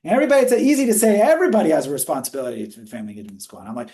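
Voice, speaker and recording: A man presenting research findings in a webinar discussion, energetic and explanatory, rushing through quoted questions. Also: high voice. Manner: energetic, speeds up when quoting questions; teaching, explanatory.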